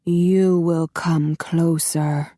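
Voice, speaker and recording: A woman's voice: fairly low pitch, fairly even intonation, mellow, dry recording, studio quality. A woman playing a masked, muffled vampire overlord. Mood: cold, commanding. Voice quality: muffled, slow and measured. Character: masked male vampire overlord, cold, commanding.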